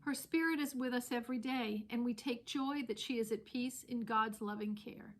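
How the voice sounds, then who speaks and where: A woman's voice: on the high side, normal speed. A woman sincerely reading a memorial tribute to her late mother. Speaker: daughter giving a remembrance.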